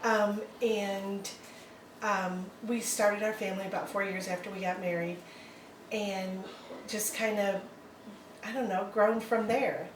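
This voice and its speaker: A woman's voice: medium pitch, steady tone, unhurried, far from the mic, noisy background. A woman in her fifties telling her story in a casual interview, hesitant and rambling, with lots of ums. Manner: rambling, hesitant, many ums and likes, laughs often. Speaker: adoptive mother, interview guest. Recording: roomy echo, from off-mic, faint ambience.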